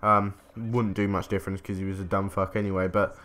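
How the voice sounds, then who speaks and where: A man's voice: deep voice, little pitch movement, a little fast, fairly bright tone. A man, telling a rambling story during casual gameplay commentary, swearing casually. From England. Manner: rambling, chatty, self-interrupting, swears casually. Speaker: gaming commentator.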